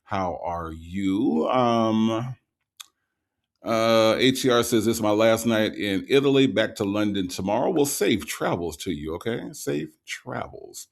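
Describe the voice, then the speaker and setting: A low, gravelly male voice hosts a casual livestream, greeting viewers one by one with easygoing repeated hellos. He sounds a little tired and sprinkles his talk with ums and uhs. There is a rough, creaky edge to his speech. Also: lively intonation, takes it slowly. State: tired, recovering from the night before. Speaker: livestream host reading viewer chat.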